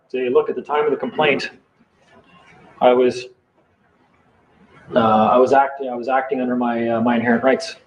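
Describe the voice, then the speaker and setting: A man telling a heated, defiant story in a casual late-night chat, swearing freely. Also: medium pitch. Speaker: live stream participant. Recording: dull lo-fi sound with faint noise.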